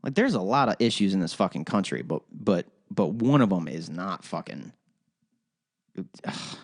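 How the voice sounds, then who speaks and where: Animated, profane podcast host ranting solo. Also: male voice, low-pitched, moderate pace. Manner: animated, profane, rambling ranting with frequent restarts.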